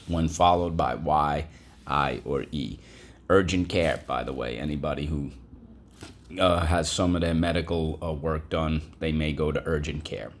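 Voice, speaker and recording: A man with a low voice leads a classroom vocabulary lesson. He is patient and repetitive, spelling out sounds and prompting students to echo each word. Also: slight background noise. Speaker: teacher.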